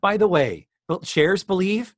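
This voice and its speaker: Male podcast co-host, lively pitch, acts out quotes, casual recap, dry close mic. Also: takes it slowly, no echo. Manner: animated, acts out quotes in raised voices.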